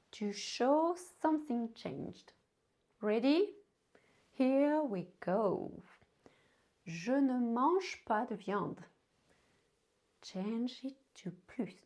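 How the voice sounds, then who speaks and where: A French woman with a French accent teaching a language lesson, speaking slowly and carefully and repeating example sentences. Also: on the high side, a little mellow.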